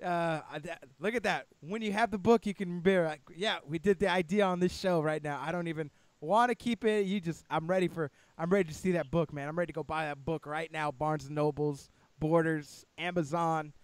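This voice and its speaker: A man hosting a podcast, talking in an excitable, enthusiastic way and casually tossing in "man" and "dude". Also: fairly high pitch, a little fast, few pauses, clean tone, no echo. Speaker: podcast host.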